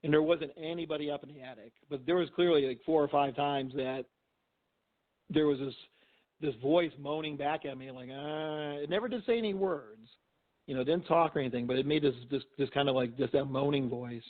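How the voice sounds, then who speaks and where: A man's voice: on the high side, a little fast. Middle-aged man telling stories over a tinny phone line. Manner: rambling, heavy use of "you know" and restarts. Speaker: guest, physician and paranormal investigator. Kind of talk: casual storytelling in a phone interview.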